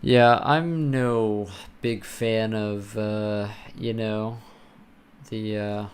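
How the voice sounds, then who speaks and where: A man's voice: fairly low pitch, steady tone, extremely slow, smooth. A man live-streaming while programming, chatting casually and ranting with lots of swearing and filler words.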